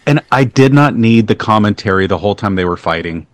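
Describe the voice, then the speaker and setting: A man's voice: on the low side, expressive, a little fast. A middle-aged man giving blunt, opinionated takes in casual podcast chat, swearing freely. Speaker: podcast co-host.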